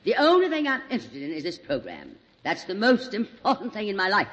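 A woman's voice: mid-range voice, wildly swooping pitch, a little fast, a bit bright, lo-fi sound. A woman from Alabama hosting a radio variety show, theatrical and grand, playing scripted comedy banter and calling everyone darling. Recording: hissy old radio broadcast, reverberant hall.

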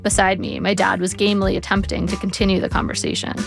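A woman reads her memoir aloud with a wry, measured and reflective delivery. Her voice has a gravelly fry at the edges and sits at a middle pitch. Faint guitar music plays softly behind her. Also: level tone. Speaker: memoir narrator. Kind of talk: audiobook memoir narration.

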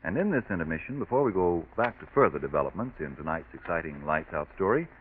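A male announcer delivering smooth, persuasive, scripted radio announcements and an ad. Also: low voice, sing-song, fast talker. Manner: smooth, persuasive, formal address. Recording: tinny scratchy old radio broadcast.

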